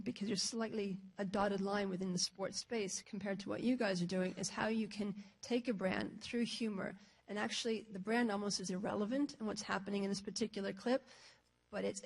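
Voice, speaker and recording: A woman moderating a conference panel, setting up a clip with explanations. Her voice carries a noticeable fry. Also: mid-range voice, a little mellow. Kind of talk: panel discussion.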